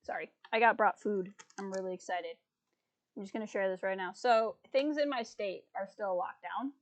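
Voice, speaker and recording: A woman's voice: medium pitch, normal speed, no echo. A woman streaming a video game, chatting casually and with amusement as she plays. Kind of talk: casual gameplay commentary. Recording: game music behind voice.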